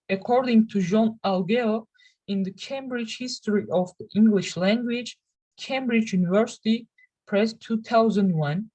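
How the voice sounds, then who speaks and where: A young woman whose first language is Turkish, presenting a class lesson in a careful, halting way with frequent restarts. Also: mid-range voice, dark tone, rough recording. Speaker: student presenter.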